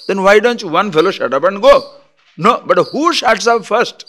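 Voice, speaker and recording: His voice sits high and moves a little fast as this man teaches a spiritual discourse, narrating animated stories and dramatizing quarrels.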